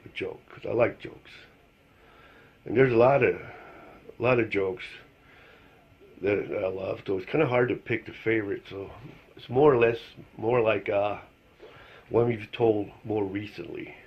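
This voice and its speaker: A man rambles through a casual spoken monologue, stringing thoughts together with lots of fillers. His voice is gravelly and husky at a middle pitch. The sound is dull and lo-fi. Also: moderate pace, pauses often. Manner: rambling, full of fillers, chuckles at his own story. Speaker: storyteller telling a joke. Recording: dull lo-fi recording.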